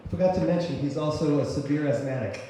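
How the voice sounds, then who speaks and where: A man telling a personal story live on stage, conversational and full of fillers and restarts, bursting into loud shouts when he voices his own thoughts. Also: a little high, fast. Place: cultural center stage before an audience. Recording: very echoey hall, faint noise.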